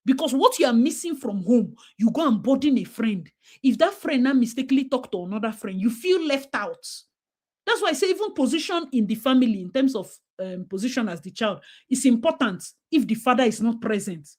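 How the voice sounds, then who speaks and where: A woman's voice: on the high side, expressive, a little fast, darkish tone. A woman with a Nigerian accent talking emphatically in a casual discussion, slipping into Pidgin and acting out what parents say. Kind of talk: casual talk-show discussion.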